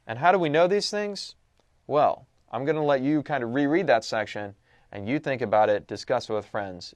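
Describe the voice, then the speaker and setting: In a conversational lesson recap, a man reads out passages and poses rhetorical questions, then supplies the answers. His voice is mid-range, with no room sound.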